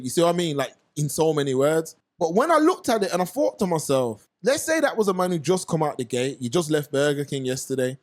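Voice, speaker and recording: A young man with a London accent, hosting a casual talk show and telling stories in animated slang. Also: a little high, fairly quick, few pauses. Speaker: podcast host. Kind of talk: casual commentary chat.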